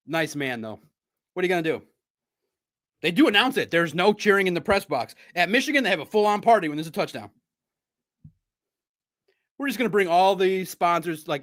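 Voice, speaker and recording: A man hosting a sports podcast, chatting casually and telling animated stories with frequent laughter. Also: high voice, normal speed, long pauses. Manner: animated storyteller, laughs often, mimics shouting. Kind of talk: casual livestream chat.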